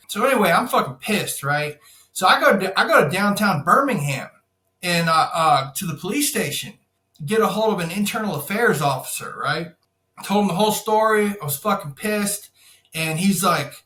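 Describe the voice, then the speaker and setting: Profane, high-voiced man telling a story. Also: animated, moderate pace, pushed and bright, echoey room. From Florida. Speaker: podcast guest, insurance salesman. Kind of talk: casual storytelling.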